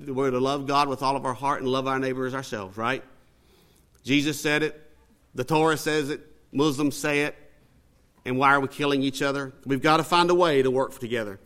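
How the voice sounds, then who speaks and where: A man's voice: medium pitch, sharp tone. Folksy man telling a sermon story. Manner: folksy, conversational, acts out dialogue. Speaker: speaker at a religious gathering.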